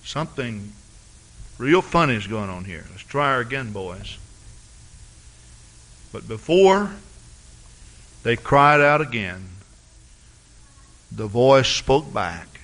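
A pastor preaching a sermon with dramatic storytelling and big swings in loudness. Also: male voice, medium pitch.

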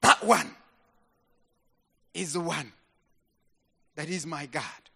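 A man preaching a sermon slowly and emphatically, swinging from loud declarations to hushed, dropping phrases. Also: fairly high pitch, creaky, slightly rough. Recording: long reverb of a large hall.

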